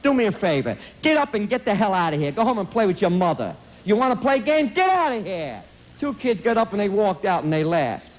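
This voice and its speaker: Blunt high-voiced man storytelling. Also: sing-song, brisk, low-quality recording. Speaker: anti-drug speaker. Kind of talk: impassioned storytelling speech.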